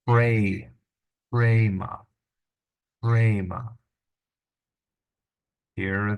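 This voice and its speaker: A man teaching a recorded lesson on Greek pronunciation, informal and patient, sounding out words slowly. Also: low voice, bright, forceful tone, rough recording.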